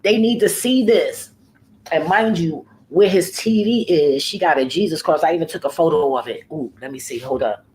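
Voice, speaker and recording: A woman's voice: deep voice, normal speed, darkish tone, slight background noise, rough recording. A woman who works as a home care worker, talking casually in a vlog. She tells her story in a profane, rambling way, often trailing off and starting over.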